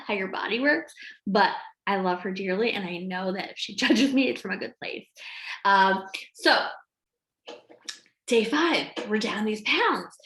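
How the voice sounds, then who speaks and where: A woman coach chatting casually to camera at home, lively and acting out what she and others said. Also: mid-range voice. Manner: animated, acts out her own quotes. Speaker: health coach. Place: home room with a board behind her. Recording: echoey room.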